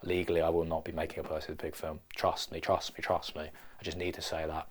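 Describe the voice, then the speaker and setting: A man's voice: extremely low pitch, level tone, quick pace. Rambling man vlogging jokily. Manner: rambling, playful and self-mocking. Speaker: filmmaker vlogger. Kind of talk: comedic vlog monologue.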